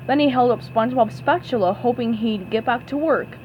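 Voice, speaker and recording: A woman narrating a storybook aloud in an expressive, animated way. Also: fairly high pitch, fairly quick, few pauses, highs cut off, slight background noise. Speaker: storybook reader.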